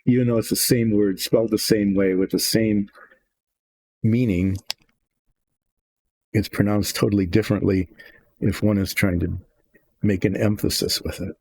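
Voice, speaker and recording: An older man with a low, gravelly voice narrates his model painting in a relaxed, rambling way. He thinks aloud, wanders off into musings, and restarts his sentences. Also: normal speed, long pauses, no room sound. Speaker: miniature painter.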